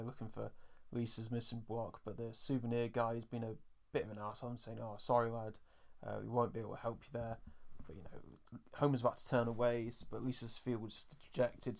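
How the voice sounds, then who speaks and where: Chatty gravelly-voiced man. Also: mid-range voice. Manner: chatty, many fillers, acts out quoted lines. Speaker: podcast co-host. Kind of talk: casual episode review chat.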